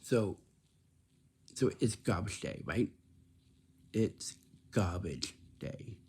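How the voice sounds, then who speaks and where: A man talking casually to camera with job-hunting advice in simple, plain words, often halting and repeating himself as he lectures. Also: on the low side, animated, a little mellow, slightly rough. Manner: repetitive, halting, restarts phrases often.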